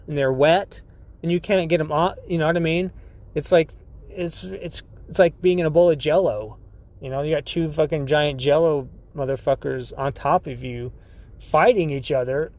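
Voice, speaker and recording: A man's voice: on the high side, darkish tone. A man hosting a podcast, telling a rambling, profane story with frequent laughter and restarts. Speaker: podcast host. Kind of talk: casual storytelling.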